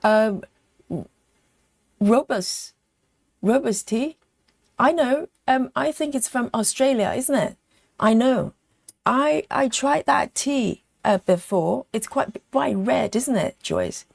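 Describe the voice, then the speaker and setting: A woman talks slowly and gently through a live stitching stream, reading out viewers' comments and counting her stitches. Her voice has a gravelly, fry-tinged edge, and the sound is close and dry. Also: on the high side, animated, no room sound. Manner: unhurried, reads chat comments aloud while counting stitches. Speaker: livestream host stitching live. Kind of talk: casual live-stream chat.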